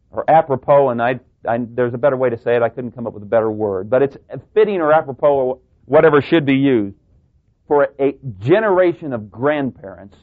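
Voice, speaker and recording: A man preaching a sermon to a congregation, talking through rhetorical questions and joking asides. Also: mid-range voice. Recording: tinny phone-like sound.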